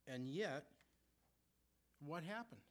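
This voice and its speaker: A man preaching a sermon who asks his listeners rhetorical questions and reads scripture slowly and deliberately. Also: on the high side, expressive, a bit bright.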